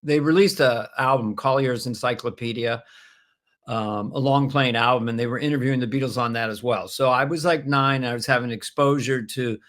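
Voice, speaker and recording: A man in his seventies, a comedian guest, chatting in a halting way with many restarts and frequent laughs. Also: mid-range voice, steady tone, fairly bright tone. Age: 70s. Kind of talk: casual interview chat.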